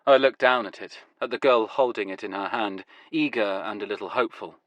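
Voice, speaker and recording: A man reading a first-person story aloud in a wry, deadpan way. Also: on the low side, a little fast, dry recording. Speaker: audiobook narrator. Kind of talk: first-person scripted narration.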